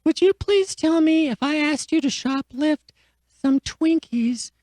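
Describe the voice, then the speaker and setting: Woman doing a super high ditzy dating show lady, all gushy, dry mic. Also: a little slow, darkish tone, no echo. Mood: gushing. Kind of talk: improv comedy radio.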